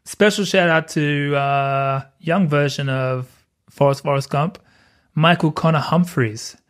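A man's voice: on the high side, unhurried. A man hosting a casual film podcast, laid-back and often chuckling as he talks. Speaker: podcast host.

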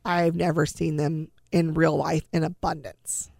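A woman's voice: low voice, level tone, a little slow, gravelly, darkish tone, dry recording, clean studio sound. A middle-aged woman, a mother and guest in an interview, telling her own story in an earnest, conversational way, often repeating words. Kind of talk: emotional personal storytelling in an interview.

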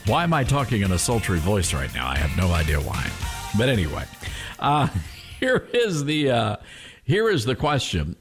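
Talk radio host, male, folksy and emphatic, lively up-and-down delivery. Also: on the low side, moderate pace, music in the background. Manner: folksy, emphatic, repeats phrases. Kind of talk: conservative talk radio monologue.

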